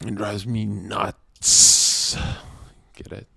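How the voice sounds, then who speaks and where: A man's voice: fairly low pitch, little pitch movement, very slow, creaky, sharp tone, husky, dry recording. A man streaming to his chat, lecturing in a brash, heated and profane rant.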